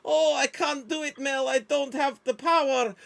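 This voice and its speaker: A loud, bellowing Scottish warrior chief, put on by a man in an improv comedy scene. The voice is pitched well above the performer's own and brims with crude, boastful bluster. It sounds slow and blustery, like a stage clown playing the hero. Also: expressive, heavily acted. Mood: bawdy bluster.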